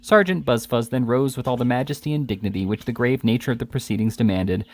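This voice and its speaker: Man reading a classic novel aloud. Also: mid-range voice. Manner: measured, expressive reading with occasional slips. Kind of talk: audiobook-style reading aloud.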